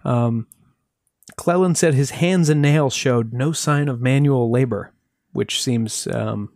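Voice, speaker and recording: A man's voice: mid-range voice, slow pace, vocal fry, a little mellow, no room sound. A man co-hosting a podcast, telling a mystery case with dry jokes in casual chat. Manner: dry, joking storyteller. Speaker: podcast co-host.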